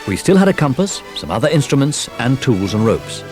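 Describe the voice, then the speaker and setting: A man narrating a children's storybook recording in a lively, expressive telling. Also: mid-range voice, a little fast. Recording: old storybook record with music.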